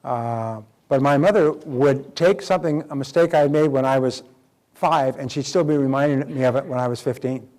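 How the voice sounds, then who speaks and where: A middle-aged man delivers a motivational seminar lesson in an emphatic, lively way. He voices little scenes of dialogue to make his points. His pitch sits in the middle for a man. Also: moderate pace. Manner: emphatic, acts out quoted dialogue. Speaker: self-development speaker.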